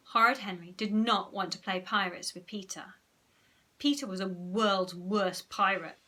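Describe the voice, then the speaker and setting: A woman's voice: medium pitch, measured pace, sharp tone. A woman teacher reading a children's storybook aloud expressively and pointing out the pictures. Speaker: primary school teacher.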